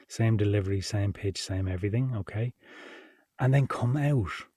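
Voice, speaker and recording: A man's voice: lowish voice, normal speed, warm tone, slightly rough, dry recording, clean studio sound. Chatty, informal man teaching a workshop. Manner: chatty, informal, laughs while explaining. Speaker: podcast production instructor.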